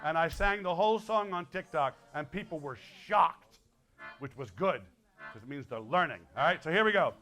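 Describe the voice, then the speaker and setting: Bright, high-voiced man in his sixties. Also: animated, faint music behind. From Connecticut. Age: 60s. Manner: playful, teasing, quick asides. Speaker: folk musician and guest performer. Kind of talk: joking stage patter to a school audience. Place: school hall, live audience.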